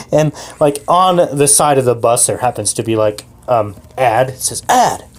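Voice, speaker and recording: A woman's voice: very deep voice, moderate pace. A woman improvising a comedy story in a chatty, giggly way.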